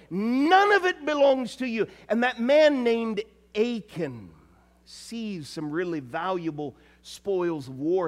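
A male pastor with a very high voice preaches at an unhurried pace. He reads scripture aloud and sinks into quiet, hushed passages between livelier storytelling. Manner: preaching with long pauses, dropping to a near-hush on scripture. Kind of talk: sermon.

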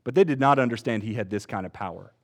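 A man in his twenties preaching a sermon, earnest and expressive, rising to emphatic peaks. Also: on the low side, quick pace. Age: 20s.

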